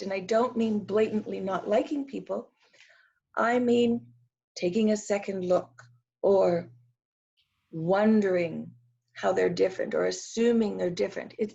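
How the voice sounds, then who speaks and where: A Canadian woman speaking as a guest in an interview, earnest and measured, slowing down to stress her points. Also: mid-range voice, vocal fry, a little mellow, husky, highs cut off. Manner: earnest, measured, slows down for emphasis. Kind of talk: conversational interview.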